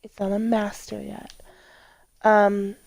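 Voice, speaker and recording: A woman's voice: mid-range voice, completely flat delivery, takes it slowly, vocal fry, a little mellow. A woman giving casual, rambling commentary over a life-sim game, telling personal stories, swearing casually and exclaiming at what happens on screen. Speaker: let's play vlogger.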